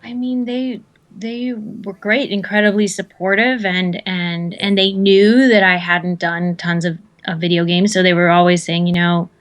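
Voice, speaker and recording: A woman's voice: lowish voice, level tone, unhurried. A woman guesting in a casual interview, rambling and self-deprecating, restarting her sentences often. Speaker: voice actor guest.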